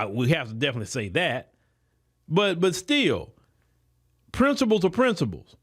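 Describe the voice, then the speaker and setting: Male podcast host, high and very animated, preachy commentary aimed right at the audience. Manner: preachy, emphatic, addresses listeners directly; colloquial, many repeated words. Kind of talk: political commentary monologue.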